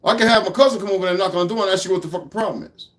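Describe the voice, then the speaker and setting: A fairly high-voiced man gives a heated, blunt rant to his followers, full of profanity. He talks casually and straight to the camera. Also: rapid-fire, fairly bright tone, faint music behind. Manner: talks to his puppy between points. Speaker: vlogger. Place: at home by an open patio door.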